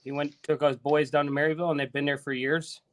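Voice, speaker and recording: A man's voice: a little high, flat delivery, fast, fairly bright tone. A man co-hosting a podcast in casual chat, talking in a rambling way and correcting himself as he goes. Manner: rambling and chatty, self-correcting. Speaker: podcast co-host.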